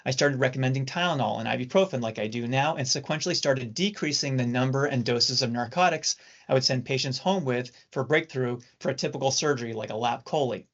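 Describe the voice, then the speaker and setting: A middle-aged male surgeon giving a measured, explanatory training talk to nurses. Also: medium pitch, fairly bright tone. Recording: dull lo-fi recording.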